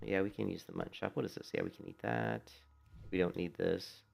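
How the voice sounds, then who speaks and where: A middle-aged man chats while playing a game he streams from home in Florida. Expressive and creaky, his low voice moves a little fast as he spins laid-back, rambling stories laced with free swearing.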